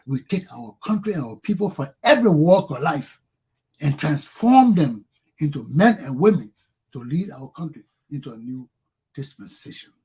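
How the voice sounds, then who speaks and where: Liberian talk show host, fiery preachy delivery, husky, slightly high voice. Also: male voice, very animated, normal speed. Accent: Liberian English. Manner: preachy and fiery, swings from low intensity to shouting. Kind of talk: impassioned monologue.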